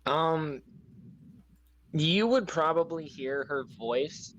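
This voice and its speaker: A man running a tabletop game, describing scenes in a loose, rambling way full of fillers. His voice sits a little high for a man. He takes his time between thoughts. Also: drawn-out words, fairly bright tone, lo-fi sound, slight background noise. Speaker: game master.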